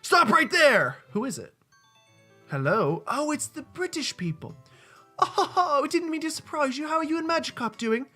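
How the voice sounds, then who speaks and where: A gamer voicing chipper game helpers in a high, sing-song mock British accent while reading the dialogue aloud. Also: big pitch swings, moderate pace, a bit bright, faint music behind. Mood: sharp.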